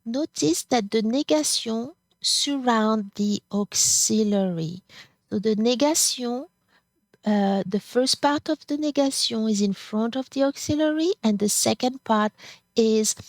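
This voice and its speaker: A woman teaching a grammar lesson, saying each form slowly and then repeating it. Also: a little high, creaky, no room sound. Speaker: French teacher. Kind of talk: slow, careful grammar lesson.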